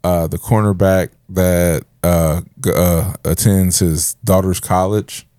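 A man on a casual podcast who tells funny stories and keeps breaking into laughter while acting out other people's lines. He says he is high. His voice sits low, and the room sounds dry and close. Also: steady tone, slow, dark tone, clear, resonant tone, no room sound. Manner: laughs a lot, acts out quotes in funny voices. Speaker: podcast co-host. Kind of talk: casual chat.

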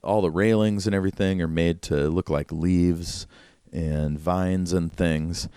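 A man's voice: sits low, steady tone, unhurried, mellow, clear, resonant tone, dry recording, clean studio sound. A man narrating a tabletop game as game master, in a loose, chatty way full of fillers.

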